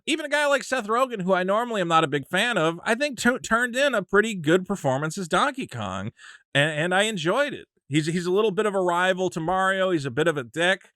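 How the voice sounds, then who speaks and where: Animated opinionated male reviewer. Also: high-pitched, fast talker, dry recording, studio quality. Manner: animated, opinionated, restarts a lot. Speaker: movie reviewer. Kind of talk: casual movie review.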